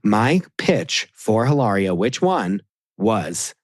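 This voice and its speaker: A man chatting on a podcast as a guest co-host, animated and emphatic, throwing out rhetorical questions. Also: lowish voice, slow, no echo, studio quality. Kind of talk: casual chat.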